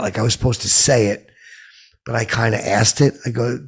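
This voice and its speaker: A man with a gravelly, husky voice tells a long comic story in a dim, oblivious deadpan. He rambles with restarts and fillers. His pitch leaps up whenever he acts out what someone said. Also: a little fast. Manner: dim, oblivious character voice that pitches up sharply when quoting people. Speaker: comedic podcast host.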